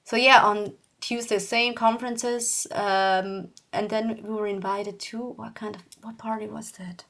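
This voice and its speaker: A woman's voice: mid-range voice, level tone, measured pace, hardly any pauses, a bit bright. Chatty young woman telling a story. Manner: chatty, rambling, laughs often, acts out quotes. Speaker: YouTuber. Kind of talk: casual storytelling vlog.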